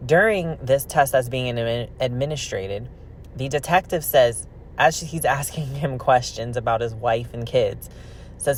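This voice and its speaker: A man casually narrating a true crime story with an opinionated, animated delivery while he opens trading cards. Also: medium pitch, moderate pace, a little hiss or hum. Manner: chatty, opinionated, animated retelling. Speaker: card-opening vlogger telling a true crime story.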